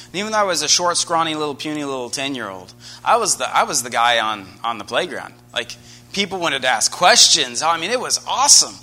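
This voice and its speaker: Fairly high in pitch and fairly quick, an American man delivers a sermon through a personal story. He begins earnest, then his energy climbs until he becomes animated and loud.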